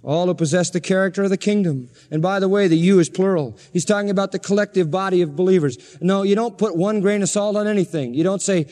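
A male pastor delivers an insistent, emphatic sermon in a high voice. His words ring out with a long reverb through a church sanctuary, captured on a 1970s recording. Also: fast, few pauses, darkish tone. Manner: emphatic, insistent preaching with repeated phrases.

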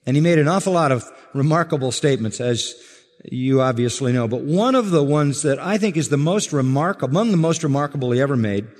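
A man preaching a sermon to a congregation, measured and emphatic, stressing words slowly. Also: mid-range voice, a little mellow, in a large hall. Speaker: pastor.

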